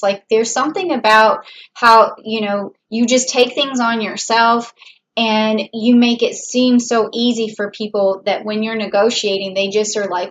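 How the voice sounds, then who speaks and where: A woman's voice: fairly high pitch, steady tone, measured pace, a little hiss or hum. A woman giving a casual tarot reading, talking in a chatty, rambling way with many fillers and restarts. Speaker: tarot reader. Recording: dull lo-fi audio.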